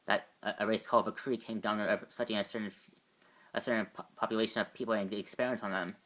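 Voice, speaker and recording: Guy doing a curious young woman in his own low voice, halting. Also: steady tone, a bit bright. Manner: halting, questioning. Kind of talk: amateur fan voice acting.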